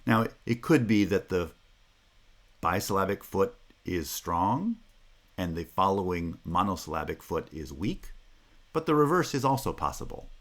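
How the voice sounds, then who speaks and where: A North American man delivers a university lecture in a low, steady voice. He explains patiently, working through examples one by one and pausing with an occasional "uh.". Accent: North American English. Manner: measured, explanatory, pauses with "uh". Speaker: linguistics lecturer.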